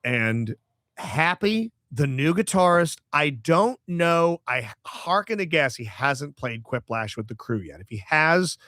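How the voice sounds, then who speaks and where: Guy on a podcast, kinda high voice, cusses a lot, laughs, dead dry mic. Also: very animated, measured pace, bright, forceful tone, dry recording. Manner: profane, storytelling, laughs often. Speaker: podcast co-host. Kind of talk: casual chat.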